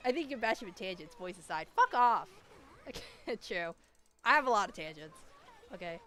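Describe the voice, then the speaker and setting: A woman's voice: medium pitch, sing-song, normal speed, fairly bright tone. Nasal young woman rambling while gaming. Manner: rambling, full of "like" and restarts. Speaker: streamer. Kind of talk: casual chat while gaming.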